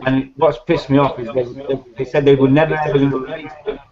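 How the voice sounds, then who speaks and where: Man in casual chat, blunt and grumbly, mid pitch, muffled call audio. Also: little pitch movement, fast talker, crowd noise. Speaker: hobbyist scale modeler on a video hangout. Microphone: video call. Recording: dull lo-fi video call audio.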